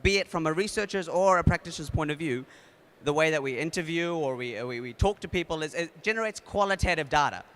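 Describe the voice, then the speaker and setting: A man with a New Zealand accent addresses a conference audience in a loose, energetic way, full of fillers and restarts. His voice sits a bit high and sounds bright and forward. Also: fast, few pauses. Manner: energetic, leads the audience in a game; casual with many fillers and restarts. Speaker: conference speaker. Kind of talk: conference talk.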